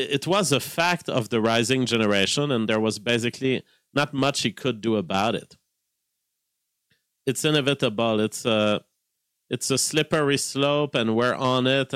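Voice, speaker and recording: A man's voice: mid-range voice, a bit bright, no room sound, clean studio sound. Heated, rambling man streamer. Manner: rambling, heated, repeats himself. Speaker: online commentator reacting to clips. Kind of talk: casual live-stream commentary.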